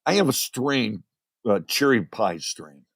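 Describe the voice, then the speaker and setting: A man in his sixties from Chicago, a podcast guest telling rambling, animated stories. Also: mid-range voice, measured pace, no echo, studio quality. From Chicago, USA. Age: 60s. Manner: animated, rambling, repeats words. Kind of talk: casual storytelling interview. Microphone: podcast mic.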